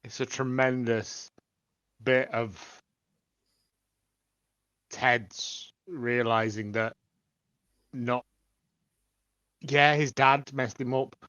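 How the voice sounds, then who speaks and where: A man co-hosting a podcast, speaking slowly and thoughtfully with a bright, sharp tone. The audio sounds a little dull and lo-fi but dry. He drops in dry quips between reflections. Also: medium pitch, steady tone, clear, resonant tone, dry recording. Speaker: podcast co-host. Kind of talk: casual chat.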